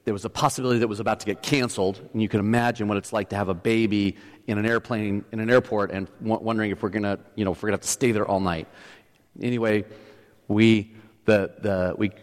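A man's voice: on the low side, fairly even intonation, fast. Man preaching in an echoing hall. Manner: storytelling, often restarts, rises to emphatic peaks. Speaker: pastor. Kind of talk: sermon. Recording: long hall reverb.

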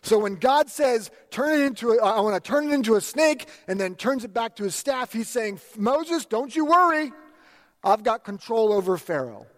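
High-pitched pastor guy preaching, super animated, acts out the quotes, long echo like a big church hall. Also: moderate pace. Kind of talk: sermon.

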